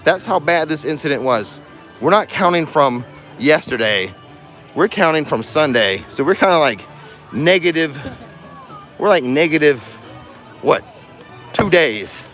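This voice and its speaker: A man's voice: a little high, lively intonation, unhurried, pauses often, a bit bright. A man hosting a casual livestream from a theme park, chatting and joking with his viewers. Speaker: vlogger host. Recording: music playing clearly behind.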